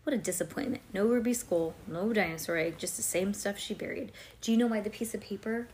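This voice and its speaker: A woman's voice: medium pitch, fairly quick, darkish tone, slight background noise. Chatty woman reading a storybook aloud. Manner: conversational, quizzes the listener, digresses with "like" and "um".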